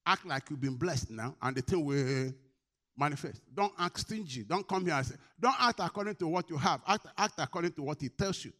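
With a slightly high voice, a man preaches in a brisk, animated way, swinging from loud to quiet. He keeps putting questions to the congregation and answering them.

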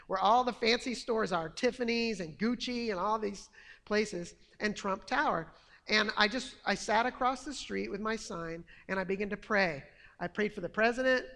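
A man telling a personal testimony story in an earnest, animated way. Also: sits high, creaky, big-room sound. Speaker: testimony speaker.

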